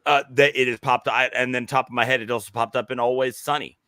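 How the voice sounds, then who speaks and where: A man co-hosting a podcast, talking excitedly in casual chat with many restarts and halting phrases. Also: mid-range voice, clean tone, dry recording, studio quality. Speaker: podcast co-host.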